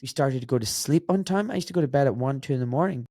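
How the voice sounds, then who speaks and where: A man's voice: mid-range voice, expressive, racing, mellow, no echo. Glaswegian man, forties, podcast guest; blunt, direct delivery, dry close-up sound. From Scotland. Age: 40s. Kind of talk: casual interview conversation.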